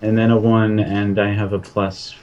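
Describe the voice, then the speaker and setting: A man's voice: fairly low pitch, little pitch movement, normal speed, highs cut off, a loud crowd. A man playing a tabletop role-play game, joking and asking rule questions in casual chat. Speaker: player.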